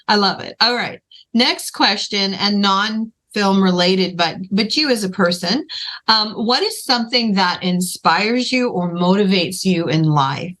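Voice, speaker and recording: A woman hosts a podcast with a bright, sharp tone. She chats casually and reacts with upbeat encouragement. She moves quickly from one question to the next. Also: medium pitch, lively intonation. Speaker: podcast host. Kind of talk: casual interview chat.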